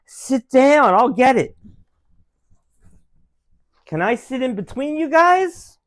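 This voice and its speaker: A parent at home chatting with children in an animated, sing-song voice. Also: high voice, takes it slowly. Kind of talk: casual family chat. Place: family home.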